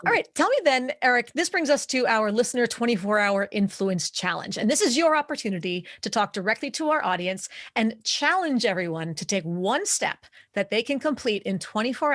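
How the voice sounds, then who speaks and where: A woman's voice: medium pitch, animated, fairly bright tone, dry recording, studio quality. A woman hosting an interview podcast, speaking thoughtfully with frequent "uh"s. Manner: thoughtful, measured, with filler "uh"s. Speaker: podcast host.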